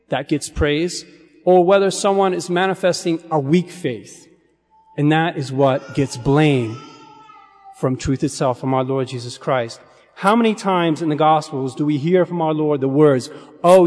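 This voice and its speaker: Earnest male preacher in a reverberant hall. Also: a little high. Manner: earnest, measured, dropping to a hush on key phrases. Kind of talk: sermon.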